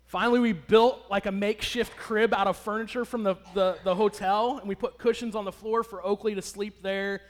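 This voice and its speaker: A man's voice: high-pitched, fairly even intonation, a little fast, hardly any pauses. A man in his thirties telling a personal story to an audience, chatty and asking them questions. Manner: conversational, asks the audience questions. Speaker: speaker addressing an audience. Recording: long hall reverb.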